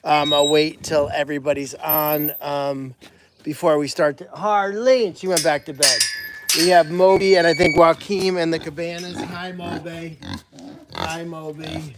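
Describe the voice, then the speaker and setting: A man with a notably high voice hosts a casual livestream outdoors at an animal sanctuary. He chats easily with viewers between tasks and calls the animals by name as he feeds them. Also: flat delivery, normal speed, noisy background.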